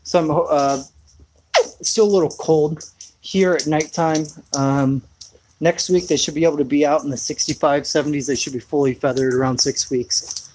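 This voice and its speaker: A man's voice: a little high, steady tone, normal speed, darkish tone, slight background noise, rough recording. A man rambling through a laid-back live chat outdoors in his rainy backyard, full of fillers. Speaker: homesteading vlogger.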